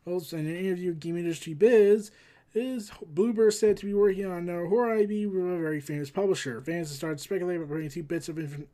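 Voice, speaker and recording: A man's voice: on the high side, warm tone. A man hosting a casual news commentary, rambling with sarcastic asides. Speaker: host.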